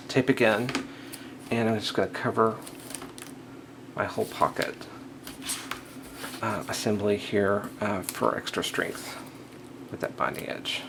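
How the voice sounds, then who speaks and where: A man hosting a step-by-step crafting tutorial, talking casually and thinking aloud, checking in with the viewer as he works. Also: on the low side. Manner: casual, thinking aloud, frequent okays and restarts. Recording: audible background noise.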